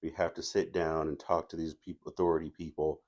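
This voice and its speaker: A man's voice: very deep voice, level tone, a little fast, a little mellow. A man casually telling a personal story as a movie reviewer, rambling with restarts and asides.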